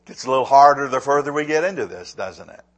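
Speaking fast at a medium pitch, a middle-aged man preaches a sermon as pastor. He's lively, moving from loud, emphatic lines to quiet asides and frequently repeating words.

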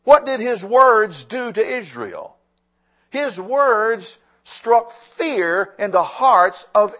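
A pastor delivering a sermon in a high, lively voice. He leans hard into emphatic lines, then drops to a hushed, intimate tone. His pitch rises and falls widely as he preaches. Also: very slow. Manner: dynamic preaching, swings from loud emphasis to hushed.

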